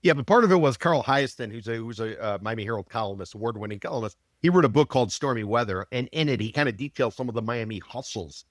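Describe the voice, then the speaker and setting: Fast-talking, skeptical male co-host. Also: mid-range voice, expressive, no echo, clean studio sound. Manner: brisk, blunt, skeptical. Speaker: podcast co-host, market analyst. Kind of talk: casual podcast chat.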